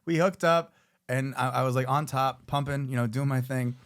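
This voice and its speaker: A man's voice: mid-range voice, fairly even intonation, moderate pace. A man co-hosting a podcast, telling crude stories with lots of laughter. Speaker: podcast co-host. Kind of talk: casual podcast chat.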